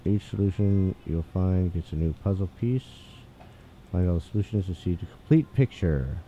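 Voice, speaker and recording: A man casually commenting on a game he is playing, chatty and excitable, reading the on-screen text aloud. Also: deep voice, normal speed. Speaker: gaming channel host. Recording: tinny phone-like mic, faint hiss.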